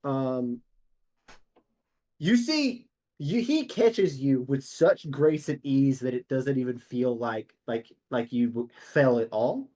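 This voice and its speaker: A man's voice: medium pitch, lively intonation, takes it slowly, warm tone. A young man narrating casually as game master, with many fillers.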